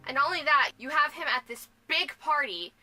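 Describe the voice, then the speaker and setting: A woman's voice: sits high, lively intonation, fairly quick, sharp tone, faint music behind. A young woman talking casually in a vlog, rambling and restarting with lots of fillers. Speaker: vlogger.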